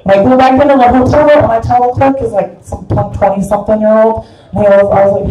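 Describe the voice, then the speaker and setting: A woman's voice: on the high side, little pitch movement, quick pace, warm tone, soft background music. A woman stand-up comedian telling a crude, rambling story live on stage in a club. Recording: echoey club from far off.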